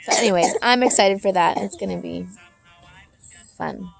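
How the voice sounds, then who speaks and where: A woman's voice: mid-range voice, normal speed, vocal fry, soft background music. A woman talking in a loose, rambling, heartfelt way, chatting casually in a vlog. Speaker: parent vlogger.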